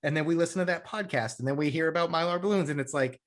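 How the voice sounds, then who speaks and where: A man's voice: a little high, very fast. A man hosting a podcast, telling a rambling story in casual chat, often swearing. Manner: rambling, profane, excitable storytelling. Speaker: podcast host.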